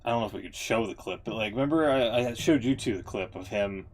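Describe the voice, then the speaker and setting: A man's voice: lowish voice, quick pace. A man hosting a casual podcast, often stammering and repeating words as he talks. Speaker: podcast host.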